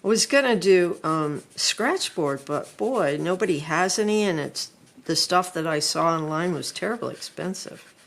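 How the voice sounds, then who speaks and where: A middle-aged woman, an art teacher, talking through a drawing lesson in an unhurried, chatty way while she sketches. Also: on the low side, expressive, gravelly.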